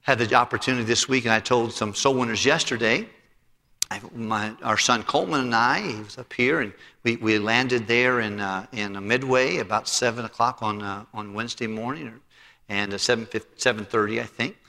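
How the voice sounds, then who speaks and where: Middle-aged pastor guy preaching, gravelly bright voice, big hall echo. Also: medium pitch, normal speed. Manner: animated, acts out both sides of a conversation. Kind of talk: sermon storytelling. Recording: long hall reverb.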